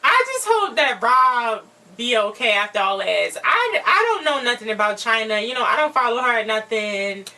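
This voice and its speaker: High, lively woman co-hosting a recap. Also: normal speed, hardly any pauses. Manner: asks pointed questions. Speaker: co-host of a TV recap channel. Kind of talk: casual chat recapping a reality show. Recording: distant mic with faint background noise.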